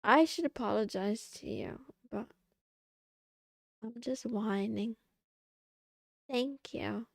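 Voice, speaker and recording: A woman's voice: fairly high pitch, slow, vocal fry, pauses often, no echo, clean studio sound. A woman streamer chatting casually on a live stream, answering her chat in a sarcastic, playful way.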